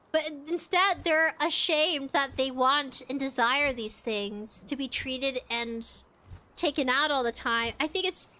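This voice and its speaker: A woman's voice: sits high, pushed and bright. A young adult woman streaming a game, chatting casually with her chat, reading comments aloud and giggling often.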